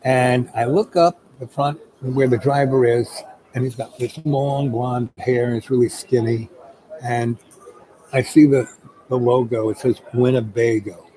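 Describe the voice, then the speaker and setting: A man's voice: mid-range voice, fairly even intonation, unhurried, warm tone, rough recording. Rambling middle-aged man telling a story. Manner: rambling, full of "um" and "you know". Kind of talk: casual spoken anecdote. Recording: crowd chatter in the background.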